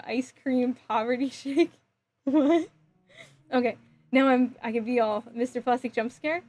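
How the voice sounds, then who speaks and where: A woman live streaming from home, chatting casually, reading chat aloud and giggling as she thinks out loud. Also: a little high. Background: faint music.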